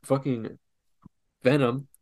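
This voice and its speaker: A man's voice: mid-range voice, steady tone, slow pace, a little mellow. Rambling, profane podcast co-host man. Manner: rambling, profane, restarts a lot. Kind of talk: casual comedy podcast banter.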